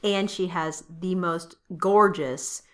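A woman co-hosting a knitting podcast in casual chat, hoarse as she gets over a cold, enthusiastic and admiring. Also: fairly low pitch, steady tone, slow pace. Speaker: podcast co-host.

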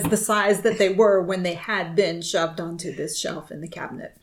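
A woman's voice: lowish voice, steady tone, moderate pace, hardly any pauses. A woman co-hosting a knitting podcast, telling a chatty story with frequent laughs. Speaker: podcast co-host. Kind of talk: casual chat.

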